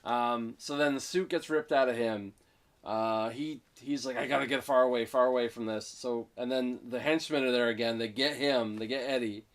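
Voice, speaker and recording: Man co-host recapping a movie in casual chat, excited, mid-pitched, breaks into quick character voices. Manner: excited retelling, acting out lines with quick voice switches.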